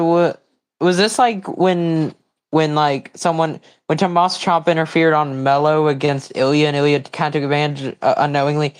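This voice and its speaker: Rambling, excitable man streaming commentary. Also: on the high side. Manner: rambling, with sudden excited outbursts and confused reactions. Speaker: livestream host. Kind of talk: casual live commentary on a wrestling broadcast.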